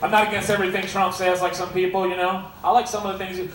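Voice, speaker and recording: A man's voice: high-pitched, flat delivery, fast. A man in his thirties doing a stand-up set and emceeing in a comedy club, talking in a sarcastic, punchy, conversational way into a stage mic. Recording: echoey club from far off, crowd noise.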